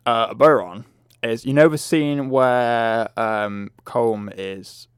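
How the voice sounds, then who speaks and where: A man co-hosting a casual film review podcast, talking hesitantly with fillers and often trailing into a low mumble. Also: slow, smooth, no room sound, clean studio sound. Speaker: podcast co-host.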